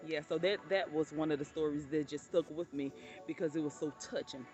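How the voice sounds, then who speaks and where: A woman with a deep, darkish voice and a steady tone talks a little fast, with faint music behind her. She's a vlogger telling personal stories in a casual, chatty style, addressing her viewers as "honey" and "you all."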